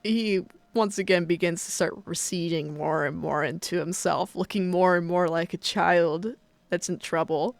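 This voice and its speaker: A woman's voice: fairly low pitch, normal speed, vocal fry, no echo. Woman narrating as game master. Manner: casual, relaxed narration with fillers.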